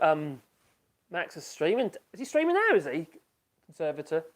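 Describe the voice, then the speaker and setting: Speaking at normal speed with long pauses, this man has a slightly high voice that swings hugely in pitch. He hosts a casual live stream from his home workshop, reading viewer comments aloud, reacting to them, and laughing often as he chats loosely.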